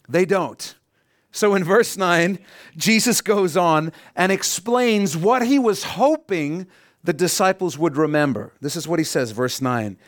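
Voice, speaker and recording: A middle-aged man preaching a sermon as pastor, rising to emphatic peaks and dropping to quiet asides. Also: high-pitched, dry recording, studio quality.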